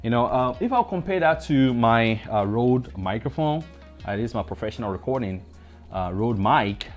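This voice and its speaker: Ghanaian male tech vlogger, relaxed and slangy, mid-range voice, faint music underneath. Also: mid-range voice, moderate pace. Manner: relaxed, chatty, slangy with repeated asides. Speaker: tech reviewer host. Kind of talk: casual product review vlog. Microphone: desk condenser mic with pop filter.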